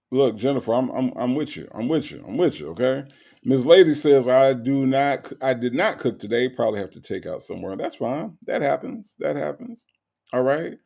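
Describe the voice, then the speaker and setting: Male livestream host, gravelly mid-pitched voice, teasing chat reader. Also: a little mellow. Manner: chatty, teasing, repeats phrases, big pitch swings. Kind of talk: casual live chat.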